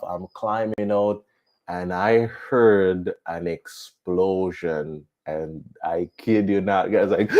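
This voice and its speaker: A man who flies as a missionary pilot, chatting to viewers on a live stream and telling stories in an animated way. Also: on the low side, muffled recording. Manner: animated storytelling with laughs.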